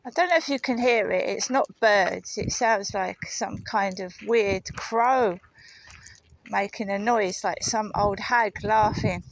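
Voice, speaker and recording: A vlogger takes her dog for a walk outdoors and gives casual commentary into a handheld camera, rambling and muttering asides with some swearing. Her medium-pitched voice takes things slowly, over slight background noise and poor audio.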